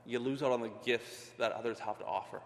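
A man's voice: mid-range voice, fairly quick, gravelly, big-room sound. A middle-aged man giving an earnest, conversational sermon as a ministry leader, often restarting his phrases.

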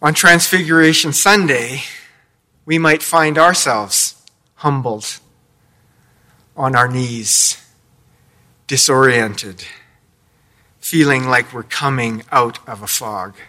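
Slow, bright-voiced male pastor preaching. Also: mid-range voice. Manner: storytelling with playful asides. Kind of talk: sermon. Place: church sanctuary.

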